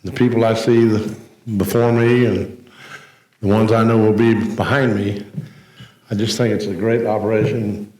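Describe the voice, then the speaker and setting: An older man giving a short, halting, humble acceptance speech with many pauses. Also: lowish voice, little pitch movement, darkish tone. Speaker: award honoree. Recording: echoey hall.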